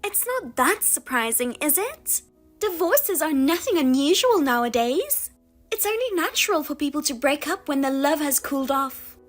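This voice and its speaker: Lady doing a smug high-pitched sister, taunting and gloaty, voice swoops up and down. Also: big pitch swings, moderate pace, faint music behind. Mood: gloating. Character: smug spiteful younger sister, husband thief. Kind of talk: audio drama reading.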